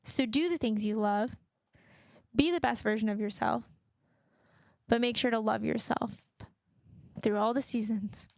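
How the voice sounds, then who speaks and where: A woman's voice: fairly high pitch, measured pace, creaky, pauses often, a little mellow, no room sound, studio quality. A young woman hosting a solo podcast, speaking earnestly and encouragingly with plenty of fillers. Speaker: podcast host.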